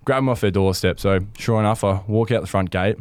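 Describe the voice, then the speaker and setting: Low-voiced man telling a story. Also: fairly quick, clear, resonant tone, no echo, studio quality. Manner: animated storyteller, laughs often. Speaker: podcast co-host. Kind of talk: casual chat. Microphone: close studio mic.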